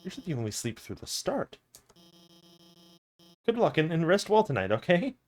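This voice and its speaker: A man's voice: a little high, sing-song, normal speed, voice pushed up. A man voicing a nervous, overworked woman teacher who stammers, reading game dialogue aloud. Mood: flustered. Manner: stammering, flustered.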